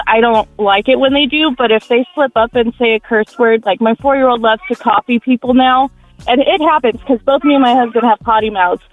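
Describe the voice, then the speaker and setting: Female caller, relaxed matter-of-fact delivery, thin phone-line audio. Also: on the high side. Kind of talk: phone-in call.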